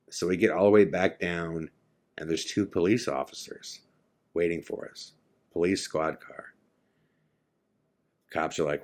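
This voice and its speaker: A man's voice: deep voice, moderate pace. A man from California, a podcast host, vividly telling a first-person ghost story and acting out the lines of the people in it. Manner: vivid, acts out his own and others' lines. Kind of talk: dramatic storytelling.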